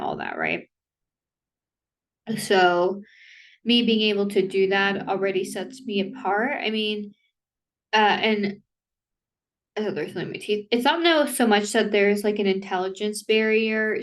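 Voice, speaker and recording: Rambling woman vlogger, a bit off-mic. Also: mid-range voice. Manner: rambling, self-interrupting, full of "like" and quick apologies; laughs between thoughts. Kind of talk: casual rambling rant to camera. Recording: voice somewhat distant from the mic.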